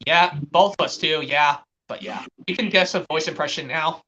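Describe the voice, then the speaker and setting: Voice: medium pitch, moderate pace, pushed and bright, highs cut off, slight background noise. A stream host talking casually and rambling, with frequent restarts. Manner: chatty, rambling, restarts often. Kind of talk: casual chat on a live stream.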